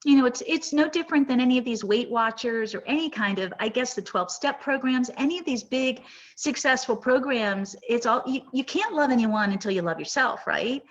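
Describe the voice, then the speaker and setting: A woman's voice: fairly high pitch, brisk, lo-fi sound. A woman hosting a live podcast, telling an emotional story in an earnest, rambling way. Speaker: podcast host.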